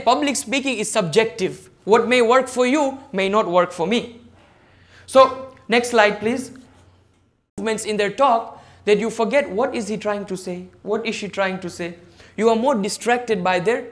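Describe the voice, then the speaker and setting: A man's voice: high-pitched, a bit bright. A man giving a motivational lecture on public speaking over a video call, stressing his points one by one and putting questions to his listeners. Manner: emphatic, enumerates points, questions the audience directly. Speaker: guest speaker at a service club forum. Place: online meeting.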